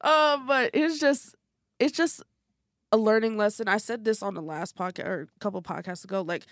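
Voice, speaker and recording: A woman hosts a podcast in a loose, casual chat, speaking bluntly and swearing without a second thought. Her voice sits at a medium pitch and sounds close and dry, with no room echo. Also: normal speed. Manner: candid and blunt, swears freely. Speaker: podcast host.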